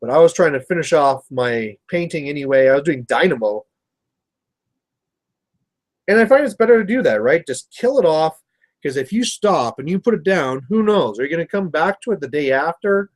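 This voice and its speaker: A man's voice: a little high, animated, moderate pace. A Canadian man hosting a painting livestream, chatting casually and rambling through stories while he paints. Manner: rambling storyteller, chatty with viewers. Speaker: miniature painting livestream host.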